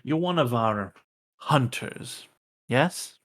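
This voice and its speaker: A man's voice: medium pitch, animated, slow, a bit bright. A man voicing a stern, commanding human bishop in a tabletop game. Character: stern composed male human bishop, mid-thirties.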